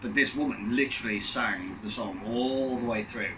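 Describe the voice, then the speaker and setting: A man's voice: medium pitch, normal speed, recorded from a distance, background noise. A man in casual chat, telling stories with eager enthusiasm. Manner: chatty, enthusiastic storyteller.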